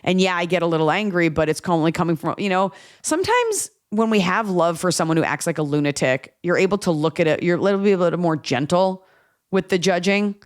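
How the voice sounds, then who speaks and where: A woman's voice: fairly low pitch, fairly quick. A woman hosting an advice podcast, chatting casually and bluntly, acting out the people she talks about. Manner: blunt, animated, acts out quoted voices. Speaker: podcast host giving advice.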